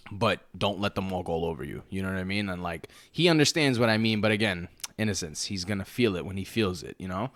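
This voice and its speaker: A man's voice: sits low, a little fast, a bit bright, no echo. A young man co-hosting a podcast in casual chat, loose and profane with street slang. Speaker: podcast co-host.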